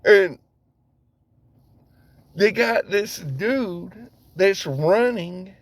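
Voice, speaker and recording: A man's voice: medium pitch, animated, slow, no room sound. A man ranting casually to camera, rambling, swearing heavily and laughing at himself as he goes. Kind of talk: casual profane rant.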